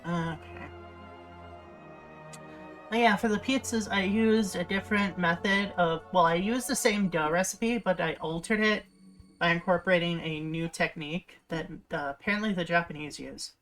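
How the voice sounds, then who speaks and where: A woman's voice: lowish voice, moderate pace, soft background music. A young woman chatting casually while she livestreams, rambling with lots of fillers and restarts. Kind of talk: casual chat while streaming.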